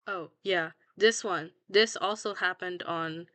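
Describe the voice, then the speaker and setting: A woman's voice: fairly low pitch, takes it slowly, pushed and bright, no echo. A young woman chatting casually about her own fan fiction, blunt and self-mocking, swearing freely and laughing at herself. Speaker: fanfiction writer scrolling her own archive.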